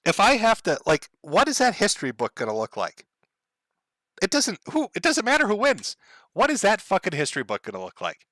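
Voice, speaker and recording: A bright-toned man rants sardonically on his livestream, swearing freely and breaking into laughter. His voice sits fairly high and sounds dry and close. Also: wildly swooping pitch, brisk, no echo. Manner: sardonic, profane, laughs often. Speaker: livestream host. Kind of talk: casual livestream rant.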